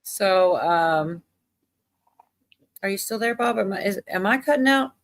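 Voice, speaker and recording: A woman's voice: mid-range voice, lively intonation, a little slow. A woman hosting a livestream, chatting casually and laughing easily. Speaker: livestream host. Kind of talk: casual chat.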